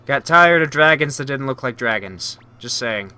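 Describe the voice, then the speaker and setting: A man's voice: medium pitch, expressive, normal speed, hardly any pauses, bright, forceful tone, clear, resonant tone. A man casually commenting on his own gameplay with chatty, wry asides. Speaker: let's play host.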